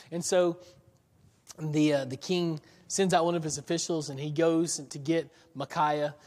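A man's voice: fairly high pitch, fairly even intonation, measured pace, darkish tone. A man preaching a sermon, reading scripture aloud and acting out the biblical characters' lines, with frequent chuckles and questions to his listeners. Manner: conversational, asks the audience questions, chuckles often. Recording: long hall reverb.

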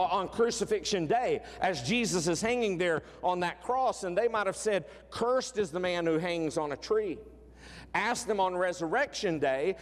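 A man preaching a sermon, emphatic, repeating words and dropping from loud declarations to hushed lines. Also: high-pitched, big-room sound. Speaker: pastor.

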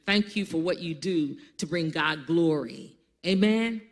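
A pastor preaching a sermon to a congregation, calling on people to answer back and building up to loud, emphatic lines. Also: mid-range voice, a little slow. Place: church service before a congregation.

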